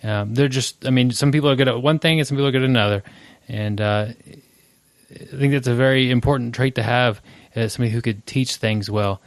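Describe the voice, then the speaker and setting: A man's voice: medium pitch, steady tone, brisk, no room sound. Affirming male podcast host, dry sound. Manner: affirming, sums up the guest's points. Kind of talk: casual interview.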